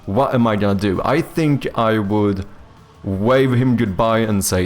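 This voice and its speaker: A lowish male voice at a measured pace, faint music behind. A Swedish streamer whose English leans toward a British accent chats casually on a livestream, reading and answering chat with many fillers and restarts.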